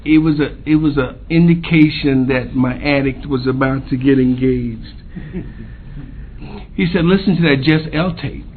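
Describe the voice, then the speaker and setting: Man, recovery share at a convention; unhurried, hesitant, fillers; lo-fi phone-like tape. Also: medium pitch. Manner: halting, many pauses and fillers. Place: convention meeting room. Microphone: podium microphone. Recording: tinny lo-fi tape with faint hiss.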